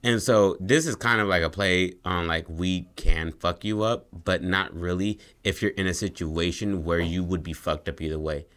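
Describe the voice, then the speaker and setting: Podcast co-host, deep-ish voice, loose profane storyteller. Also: male voice, steady tone, moderate pace, hardly any pauses, fairly bright tone. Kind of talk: casual chat, pitching a story idea.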